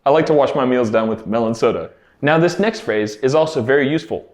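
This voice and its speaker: A man teaching everyday English phrases, explaining clearly and slowing down to model each one. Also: mid-range voice, darkish tone. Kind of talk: English pronunciation lesson. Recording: roomy echo.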